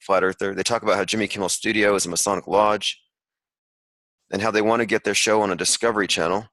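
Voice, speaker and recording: A man's voice: lowish voice, steady tone, fast, a bit bright, no echo, poor audio. A man hosting an online call, giving rambling, sarcastic commentary while reading an article aloud. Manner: sarcastic, rambling, with frequent asides. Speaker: podcast host.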